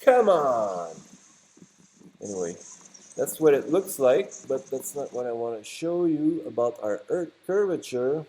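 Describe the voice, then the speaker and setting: Speaking at a moderate pace in a dark, expressive mid-range voice, this French Canadian vlogger narrates a laid-back video outdoors at the water's edge on a beach. His talk wanders, sprinkled with playful jabs, recorded on a handheld camera mic.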